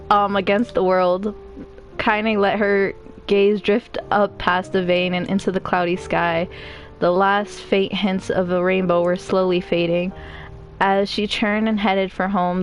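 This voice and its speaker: A woman streamer reading a game's story aloud, breaking off for emotional, chatty reactions. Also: fairly low pitch. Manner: emotional, chatty asides between narration.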